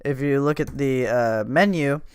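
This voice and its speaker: A man's voice: medium pitch, measured pace, clear, resonant tone, dry recording. A man hosting a casual podcast, rambling and swearing as he describes videos he watches. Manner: profane, laid-back, rambling. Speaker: podcast host.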